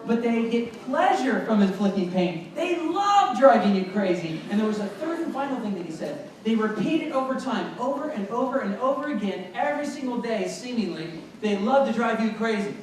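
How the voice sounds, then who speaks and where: Animated man addressing a school assembly. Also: very high-pitched, normal speed, few pauses, far from the mic. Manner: energetic, call-and-response with children. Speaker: motivational speaker. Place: school gym or hall. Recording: echoey hall recorded from afar, noisy. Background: children in audience.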